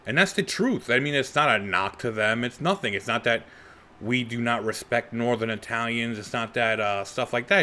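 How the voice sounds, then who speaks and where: A middle-aged man from Brooklyn with a New York accent, hosting a solo podcast and talking in an animated, conversational, rhetorical way. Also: medium pitch. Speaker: podcast host and comedian. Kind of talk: unscripted solo podcast monologue.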